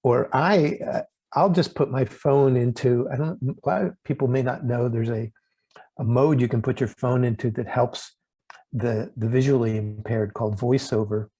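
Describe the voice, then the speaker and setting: Gravelly, halting male interview host. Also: mid-range voice, steady tone, dark tone, rough recording. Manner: halting, with many restarts and fillers. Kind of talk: casual interview chat.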